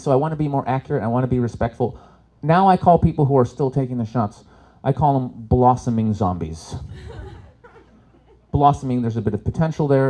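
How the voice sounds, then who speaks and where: Guy doing stand-up at an expo, super lively up and down voice, yells out bits. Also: mid-range voice. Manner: animated, jumps into loud shouted impressions. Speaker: stand-up comic. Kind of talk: live stand-up storytelling. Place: expo stage before an audience.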